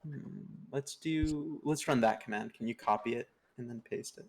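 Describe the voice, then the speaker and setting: Gravelly-voiced man guiding a setup. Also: medium pitch, normal speed. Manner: patient step-by-step instructions. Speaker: guest teaching neovim. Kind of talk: casual livestream tutorial.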